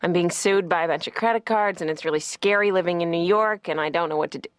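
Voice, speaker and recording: A woman's voice: fairly low pitch, fast, dry recording, clean studio sound, natural voice. A woman voicing a self-mocking comedian patient in a cartoon, chatty and wry. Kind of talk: cartoon stand-up monologue.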